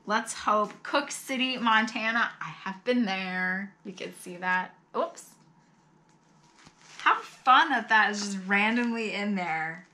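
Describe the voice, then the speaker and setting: A middle-aged woman chatting casually as she opens fan mail at home, gushing and exclaiming, with soft sighs and laughs. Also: mid-range voice, slow pace. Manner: often sighs and laughs softly. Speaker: vlogger opening fan mail. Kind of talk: casual chat.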